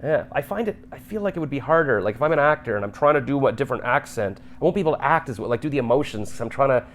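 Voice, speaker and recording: A man's voice: mid-range voice, lively intonation, very fast, a little hiss or hum. A man interviewing a film director in a casual, joking chat.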